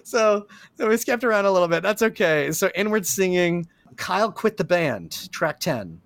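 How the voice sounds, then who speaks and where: A man co-hosting a podcast in casual chat, excitable and rambling, swearing freely. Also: sits high, moderate pace, no room sound. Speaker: podcast co-host.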